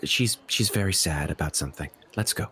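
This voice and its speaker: A man voicing a caring mother who speaks softly to reassure her child. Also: a bass voice, a little fast, slight background noise, pitched below the performer's own voice, heavily acted. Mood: soothing. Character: caring young mother, gentle and soothing.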